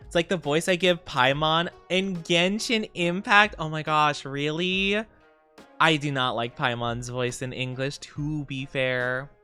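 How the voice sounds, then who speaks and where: A man's voice: on the high side, measured pace, bright, forceful tone, clean tone, soft background music. A man streaming and chatting casually with viewers, playful and giggly, rambling freely. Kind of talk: casual live-stream chat.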